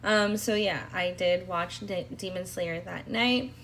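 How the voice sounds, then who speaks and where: A woman's voice: lowish voice, a little slow, fairly bright tone, a little hiss or hum. A young woman talking casually in a voice-over about her planner spreads, rambling with fillers and restarts. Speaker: planner vlogger.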